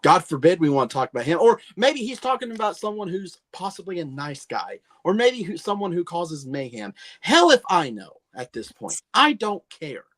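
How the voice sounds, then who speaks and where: A man's voice: high voice, very animated, moderate pace, hardly any pauses, fairly bright tone. A man on a podcast roundtable, delivering a brash, combative rant in the style of a wrestling promo. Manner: brash, combative, mock-heel bravado.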